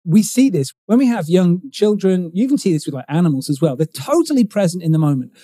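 Male guest, middle-aged, very dark mellow voice, slightly high, dry sound, expressive and explanatory. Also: fast talker, no echo. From United Kingdom. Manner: expressive, explanatory, emphatic on key words. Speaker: guest, communication coach. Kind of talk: conversational interview.

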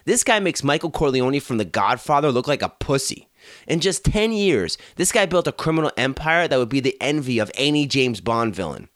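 A man's voice: mid-range voice, animated, fairly quick, hardly any pauses, a bit bright, no room sound, clean studio sound. Emphatic man narrating true crime.

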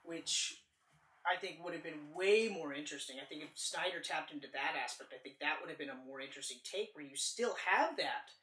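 A man co-hosting a casual movie podcast, rambling and animated, swearing freely as he talks. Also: on the high side, a little fast. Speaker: podcast co-host. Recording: roomy, distant from the mic.

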